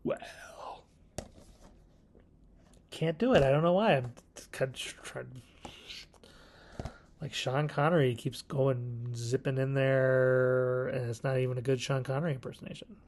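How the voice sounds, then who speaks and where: A man talks through his thoughts as a video host in a loose, rambling review, stopping to correct himself and chuckling along the way. His voice has a gravelly fry at mid pitch. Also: steady tone, unhurried, long pauses, darkish tone, slight background noise. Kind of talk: casual review monologue.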